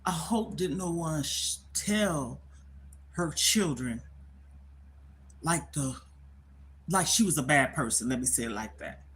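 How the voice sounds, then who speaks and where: A woman's voice: sits low, animated, slow pace, long pauses. An older woman, talking emphatically on a livestream, often repeating herself and circling back to her point. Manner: emphatic, repetitive, conversational. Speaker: livestream host. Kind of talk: casual livestream storytelling.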